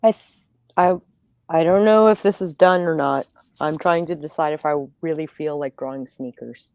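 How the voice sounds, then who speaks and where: A woman guest author speaks hesitantly in a low-key manner. Her voice is low and gravelly with a dark tone, and the sound is dry and close. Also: moderate pace, no echo. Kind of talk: casual chat.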